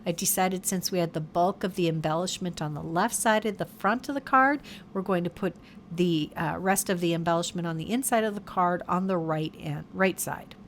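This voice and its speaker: A woman's voice: on the low side, normal speed, slight background noise. A woman hosting a card-making tutorial, narrating each step in a casual, chatty way and often correcting herself mid-sentence. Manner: chatty, self-correcting, fond of her materials.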